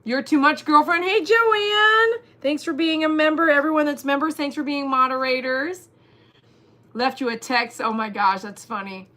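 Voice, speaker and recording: A woman hosting a casual livestream, chatting and reading viewers' comments aloud, animated and laughing often. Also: sits high, moderate pace. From Texas. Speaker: livestream host.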